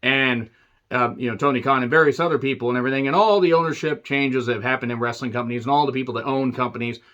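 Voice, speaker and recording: A man's voice: mid-range voice, steady tone, fast, fairly bright tone, muffled recording. A man giving a casual solo review of a wrestling show, sarcastic and rambling, swearing freely.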